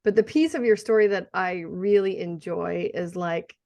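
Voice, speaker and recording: A woman's voice: fairly low pitch, moderate pace, darkish tone. A middle-aged woman hosting a podcast interview, upbeat and enthusiastic, affirming her guest. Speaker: podcast host.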